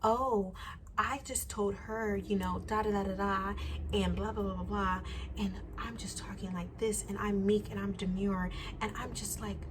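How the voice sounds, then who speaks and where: A woman's voice: mid-range voice, steady tone, moderate pace, noisy background, lightly acted. A woman doing a whispered role-play of a meek, pleading man who suddenly acts helpless. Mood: feigned meekness. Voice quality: breathy, hushed whisper. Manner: mock-timid, feigned helplessness.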